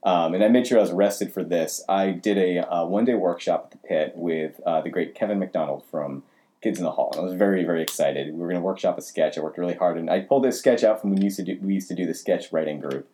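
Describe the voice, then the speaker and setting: A man co-hosting a podcast, telling a personal story in casual, animated chat. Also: fast. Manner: animated storytelling with wide pitch swings. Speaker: podcast co-host.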